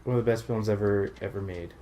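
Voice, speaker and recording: A man's voice: lowish voice, steady tone, fast, warm tone, slight background noise. A man with a Canadian accent, talking casually while playing a video game as co-host, chatty, laughing often and gushing about films. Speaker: player and co-host. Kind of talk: casual let's-play commentary.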